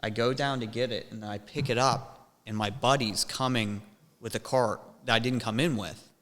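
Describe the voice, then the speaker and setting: A young man with a bright, forceful voice tells a rambling story, swearing and restarting as he goes. His voice rings with a long hall reverb. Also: medium pitch, steady tone, normal speed. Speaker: podcast host. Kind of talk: casual chat.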